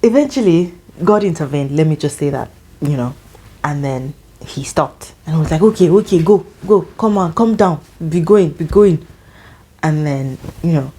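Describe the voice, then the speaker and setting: A young Nigerian woman telling a personal story on her vlog, animated and laughing often. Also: low voice. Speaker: vlogger.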